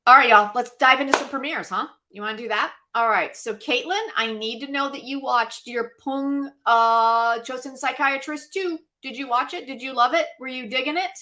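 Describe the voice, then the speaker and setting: Bright, chatty woman talking shows. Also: sits high, normal speed, few pauses. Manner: chatty, animated, talks to viewers directly. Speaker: podcast co-host. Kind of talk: casual livestream chat.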